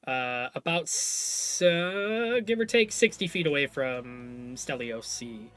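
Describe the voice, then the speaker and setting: A man narrating as game master of a tabletop game, describing scenes in a loose, halting way with many fillers. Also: medium pitch, expressive, a bit bright, soft background music.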